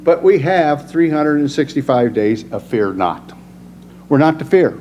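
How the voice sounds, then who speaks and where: Animated joking preacher, lo-fi. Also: male voice, on the high side, measured pace. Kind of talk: folksy sermon. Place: church sanctuary. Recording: dull lo-fi sound with loud noise.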